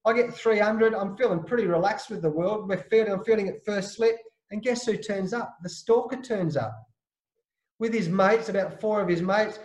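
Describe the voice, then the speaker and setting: A man from Australia, a former cricketer, telling a lively, emphatic anecdote as a podcast guest. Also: high voice, normal speed. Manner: lively, emphatic storyteller, slangy. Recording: roomy echo.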